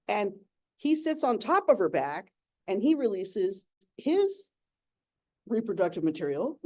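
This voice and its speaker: A woman's voice: medium pitch, warm tone. A young adult woman giving a playful, giggly nature talk as an educator.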